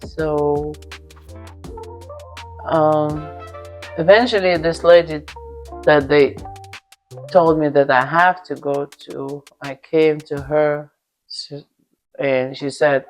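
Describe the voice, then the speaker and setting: A woman's voice: sits low, steady tone, slow pace, long pauses, faint music behind. A young woman from Russia with a Russian accent, bluntly telling a personal story and swearing freely. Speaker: vlogger.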